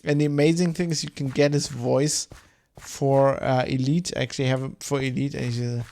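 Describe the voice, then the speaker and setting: Gravelly-voiced man rambling casually. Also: medium pitch, flat delivery, normal speed, darkish tone. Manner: rambling, loose and profane. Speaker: streamer. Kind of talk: casual chat while gaming.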